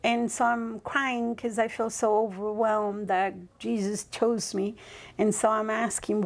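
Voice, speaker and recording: Reflective woman with vocal fry. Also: a little high, steady tone, measured pace. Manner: reflective, rambling, often checks in with "right?". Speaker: podcast guest. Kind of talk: casual interview storytelling.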